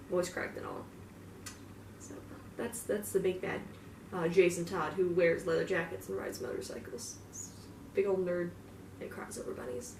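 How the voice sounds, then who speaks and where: A woman's voice: on the low side, normal speed, gravelly, a little mellow. A young woman rambles through a casual in-character monologue, swearing freely and scattering filler words as she goes. She sits some distance from the mic in an echoey room, with a faint hum of ambience behind her. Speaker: fan roleplayer.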